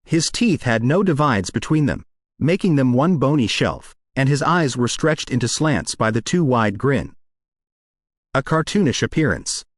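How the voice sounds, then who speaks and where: A man narrating a story in an expressive reading voice. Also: mid-range voice, unhurried, dry recording, studio quality. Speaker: audiobook reader.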